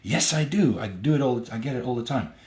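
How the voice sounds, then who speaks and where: A man's voice: mid-range voice, expressive, a little fast, a little mellow. A man hosting a live fan Q&A and autograph signing, chatting casually and playfully as he reads out fan comments. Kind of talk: casual live-stream chat. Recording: roomy echo.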